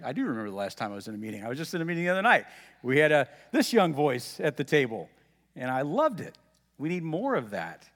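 In a church sanctuary full of long hall reverb, a pastor preaches in a folksy, conversational style, making offhand remarks to the congregation. He has a slightly high, fairly bright voice.

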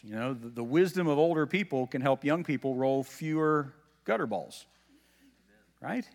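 A male pastor giving a sermon in a conversational, folksy way, with casual asides to the congregation. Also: medium pitch. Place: church sanctuary. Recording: long reverb of a church hall.

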